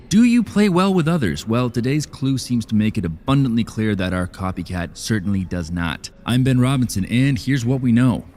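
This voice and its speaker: A man's voice: medium pitch, darkish tone, lightly acted. An actor playing a dry, sarcastic male podcast host and journalist who loses patience with callers. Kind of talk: scripted audio drama podcast.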